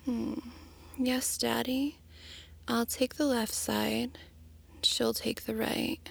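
A woman's voice: on the high side, fairly even intonation, takes it slowly, creaky, fairly bright tone, slightly rough. A woman in a whispered role-play, talking in a teasing, coaxing way and often dropping to a whisper.

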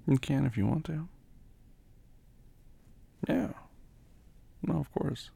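Gravelly man in a whispered role-play. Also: fairly high pitch, slow pace. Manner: soft, tender and doting, with frequent quiet laughs and murmured hums. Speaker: ASMR role-play performer as caring boyfriend.

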